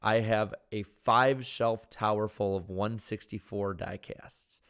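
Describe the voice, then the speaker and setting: A man with a worn-out, hoarse voice, co-hosting a casual podcast and reading out viewer super chats with halting restarts. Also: lowish voice, steady tone, fairly bright tone.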